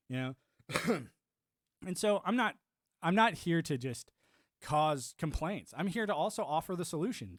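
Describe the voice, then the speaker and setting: A man's voice: on the high side, no room sound, clean studio sound. A man hosting a livestream, giving casual political commentary in a ranting way, often repeating words and mocking the voices he quotes. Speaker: livestream host.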